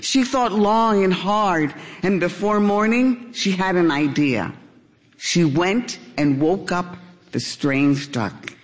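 An older woman reading a children's story aloud in an expressive storybook style. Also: lowish voice, takes it slowly, long reverb tail.

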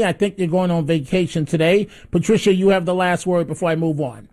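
Ny talk radio guy, upbeat, goes after politicians, high-ish voice. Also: a little fast, a little mellow. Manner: upbeat, chatty, combative about politics. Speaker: radio talk show host.

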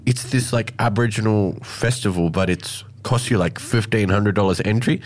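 Laid-back Australian bloke, low voice. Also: male voice, normal speed. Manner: laid-back, joking banter. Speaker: co-host. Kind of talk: casual chat.

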